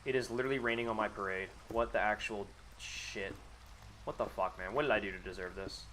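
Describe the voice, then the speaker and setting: Here a man with a lowish, bit bright voice talks a little fast over a slight hiss or hum. Casually commenting on his live game stream, he cracks jokes with chat, swears a lot, teases himself and mutters while building.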